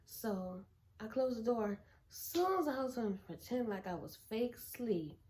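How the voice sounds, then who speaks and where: Young woman vlogger, pitched a bit high, blunt and animated, casual storytime delivery. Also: measured pace. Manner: animated, blunt, swears freely.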